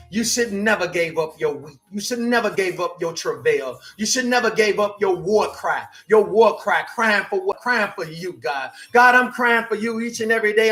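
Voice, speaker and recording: Man preaching, high voice, sharp bright tone, shouts then drops to a hush, soft music behind. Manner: preachy, shifts between shouting and hushed, repetitive. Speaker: life coach preacher. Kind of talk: sermon-style motivational talk.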